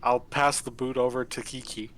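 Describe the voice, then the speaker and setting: A man's voice: medium pitch, flat delivery, moderate pace, fairly bright tone. A man playing a tabletop game, playful and laughing a lot. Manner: playful, laughing, hamming up a mock accent. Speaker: player. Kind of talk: tabletop game play on a livestream.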